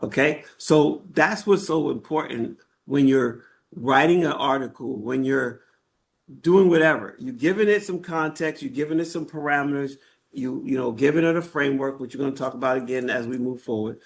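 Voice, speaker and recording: A man's voice: medium pitch, moderate pace, gravelly. A man teaching a live online workshop in a conversational way, often checking in with his listeners and using fillers as he goes. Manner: conversational, checks in with "right?" and "okay?"; frequent fillers and restarts. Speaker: workshop instructor.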